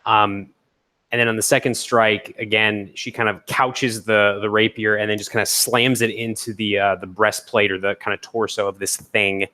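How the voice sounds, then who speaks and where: A man playing a tabletop game, describing his character's attacks with fillers and excited reactions. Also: fairly low pitch. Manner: animated, pauses with fillers while rolling. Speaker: player.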